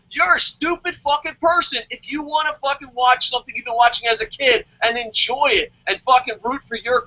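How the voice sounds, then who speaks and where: A high, piercing wrestling superfan, as a man puts him on rants in mock outrage, swearing and sneering with every line. The voice is bright and cutting. The audio is dull and lo-fi. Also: full character voice. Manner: ranting, sarcastic, heavy swearing. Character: loud sarcastic adult male wrestling superfan. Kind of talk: comedic rant in character.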